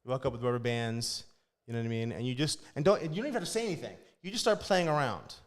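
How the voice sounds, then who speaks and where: A man's voice: medium pitch, lively intonation, quick pace. A man who directs a church kids ministry, telling stories in casual podcast chat and acting out children's voices. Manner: storytelling, acts out kids' voices. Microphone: podcast studio mic.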